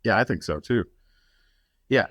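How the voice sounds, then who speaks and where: Deep-voiced, blunt male podcast guest. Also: expressive, a bit bright, breathy edge, no room sound, clean studio sound. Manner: halting, blunt, swears casually. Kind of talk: casual conversational podcast.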